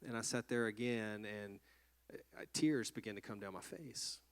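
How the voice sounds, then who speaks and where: A man's voice: fairly low pitch, clean tone. Earnest male pastor telling a story. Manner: earnest storytelling, soft and reflective, with halting restarts. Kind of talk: personal testimony sermon.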